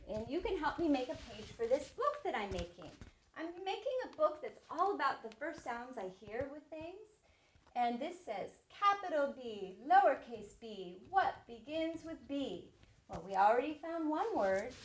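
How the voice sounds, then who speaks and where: A middle-aged woman teacher leading a reading lesson for young children in a slow, sing-song, encouraging way. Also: on the high side, echoey room. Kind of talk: early-grade reading lesson.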